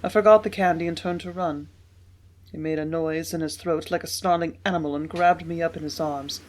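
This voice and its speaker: A woman narrating an audiobook in a measured, steady reading voice. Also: low-pitched, slight background noise. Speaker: audiobook reader.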